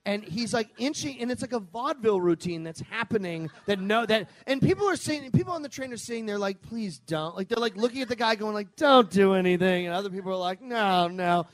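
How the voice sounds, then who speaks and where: Animated man telling a comic story. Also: high-pitched, fast talker, hardly any pauses, dry recording. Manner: animated, profane, laughing through lines. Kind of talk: live comedic storytelling.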